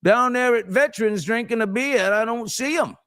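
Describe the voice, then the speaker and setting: A man's voice: very high-pitched, a little fast, a bit bright, smooth, no echo, clean studio sound, pitched above the performer's own voice. A man voicing an old lobsterman who speaks in a folksy, overly gallant way. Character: old male lobsterman, gruff but courteous.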